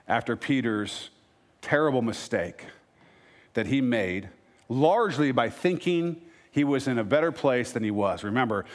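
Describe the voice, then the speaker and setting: A male pastor preaching a sermon, reading scripture aloud and voicing quoted lines with dramatic emphasis. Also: medium pitch. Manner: rises to emphatic, louder lines.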